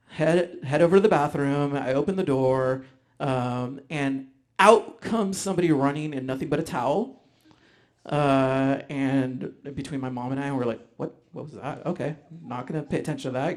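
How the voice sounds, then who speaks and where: A man telling a personal story live on stage, animated, acting out voices, with frequent ums. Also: on the high side. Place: stage before a live audience.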